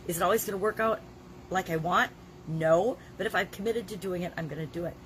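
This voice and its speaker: A woman's voice: on the low side, brisk, fairly bright tone. A woman in her sixties with a cold and a scratchy throat, talking in a daily video journal in an emphatic, plain-spoken way, coughing now and then. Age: 60s. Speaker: vlogger.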